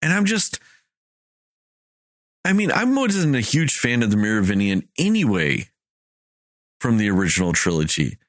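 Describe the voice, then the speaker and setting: Animated man ranting about a movie. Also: lowish voice, moderate pace, pauses often, no room sound. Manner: animated, exasperated ranting with swearing and quoted dialogue. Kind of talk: casual movie review chat.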